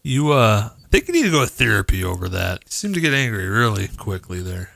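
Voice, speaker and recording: A man's voice: lowish voice, sing-song, a little fast, vocal fry, fairly bright tone, no room sound. A man, a podcast co-host, teasing his friend in casual banter. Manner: teasing, wisecracking.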